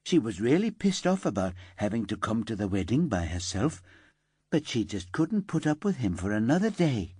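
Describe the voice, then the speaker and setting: A man voicing an anxious, eager-to-please young office worker with a high, light, slightly camp voice in an audiobook. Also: big pitch swings, moderate pace, a little mellow, husky, no echo. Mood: distraught.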